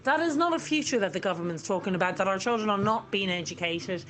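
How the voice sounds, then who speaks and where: A woman's voice: medium pitch, animated, fast talker, a bit bright. A woman with an Irish accent hosting her own radio show, speaking in a fiery, indignant and emphatic monologue.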